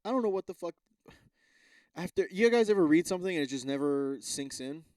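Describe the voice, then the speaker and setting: A man's voice: on the high side, expressive, fairly quick, darkish tone, no echo. A young man hosting a solo podcast, chatting casually and rambling, swearing often and stumbling as he reads text aloud. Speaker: podcast host.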